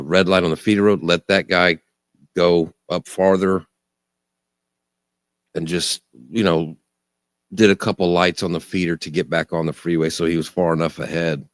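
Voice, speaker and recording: Very deep-voiced man in casual chat. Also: dry recording, clean studio sound. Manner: conversational, wry, swears casually.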